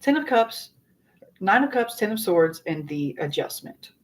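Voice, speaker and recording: A woman's voice: medium pitch, very animated, unhurried, rough recording. A woman giving a live tarot reading to her viewers, earnest and rambling, circling back over her words and swearing casually. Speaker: tarot reader.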